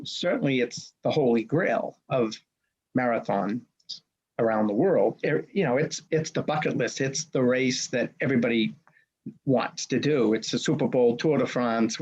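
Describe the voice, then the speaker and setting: A husky-voiced man in his sixties tells a personal story with punchy timing and acted-out dialogue. The sound is a little dull and lo-fi, like a streamed show. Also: medium pitch, unhurried. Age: 60s. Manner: punchy, animated retelling with quoted dialogue. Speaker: race director, guest.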